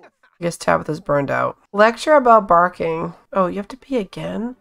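Woman with a creaky voice, chatty. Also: lowish voice, expressive, moderate pace, fairly bright tone. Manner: chatty, coaxes her characters with pet names. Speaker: gaming channel host. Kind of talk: casual let's-play commentary.

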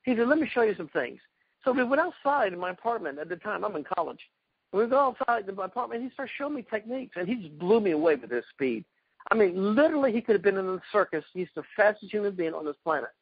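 A man from South Carolina with a high, husky voice tells stories from his years as a karate fighter, acting out the people he quotes. The sound is dry and dull, close and lo-fi. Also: sing-song, fast, dry recording. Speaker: guest, retired karate champion. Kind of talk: storytelling in a casual interview.

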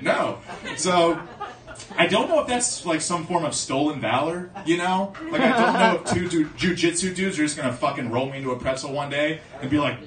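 A man's voice: a little high, expressive, normal speed, crowd noise. A young man doing a stand-up comedy set, telling loose, rambling stories with lots of fillers. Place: comedy club stage at an open mic. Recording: echoey club recording from far off, audience noise. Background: audience laughing and cheering.

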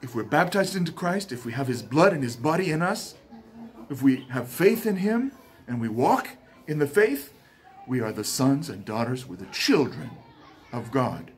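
A man hosting his channel, telling a personal story in a lively monologue and acting out the dialogue. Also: mid-range voice, moderate pace. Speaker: channel host.

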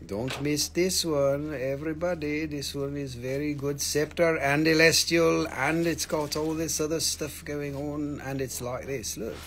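A man running a live crystal sale, talking in a relaxed, rambling way full of jokes and curses. His voice sits a little high, with a faint hum of background noise. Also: a little slow, hardly any pauses. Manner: joking, rambling, swears freely. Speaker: live-stream crystal seller. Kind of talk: casual live sales chat.

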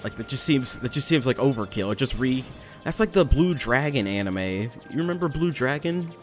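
A man's voice: medium pitch, animated, moderate pace, faint music behind. A young man rambling and joking through casual gameplay commentary, swearing now and then. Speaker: let's play commentator.

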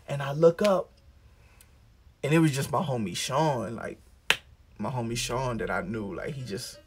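A young man vlogger telling a story in a casual way, animated and acting out the voices he quotes. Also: mid-range voice, moderate pace, husky. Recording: music playing behind the voice.

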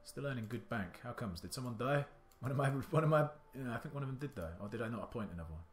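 A man's voice: mid-range voice, lively intonation, fast, slight background noise. A man giving indecisive let's-play commentary, muttering to himself and swearing now and then. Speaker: gaming channel host.

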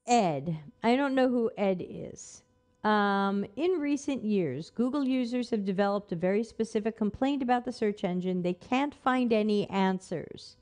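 A woman's voice: medium pitch, animated, a little slow, a little mellow. A woman hosting a live stream who reads an article aloud and answers it with skeptical, sarcastic remarks. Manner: skeptical, sarcastic, talks back to the text. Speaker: host.

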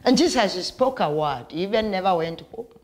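A woman preacher delivering a sermon with slow, emphatic declarations and prayers. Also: fairly low pitch, expressive, a little mellow.

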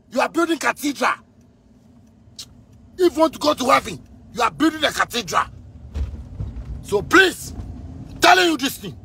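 A man in his thirties with a Ghanaian accent, ranting angrily at the president, repeating himself and breaking into shouts. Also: extremely high pitch, sing-song, normal speed, vocal fry, long pauses, slight background noise. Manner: heated, repetitive, bursts into shouting. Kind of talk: angry rant addressed to the president.

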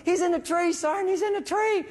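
A man doing a high, excited young soldier. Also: a little fast, in a large hall. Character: young excited male soldier, eager and green.

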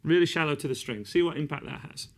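A man's voice: a little high, quick pace. A man giving a casual guitar lesson, encouraging, counting beats aloud and singing snippets as he plays. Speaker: guitar teacher. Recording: loud guitar over the voice.

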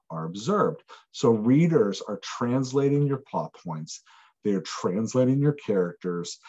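A man hosting a solo podcast, explaining writing craft in an animated, emphatic way with playful asides. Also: fairly low pitch, slightly rough, lo-fi sound. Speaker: podcast host.

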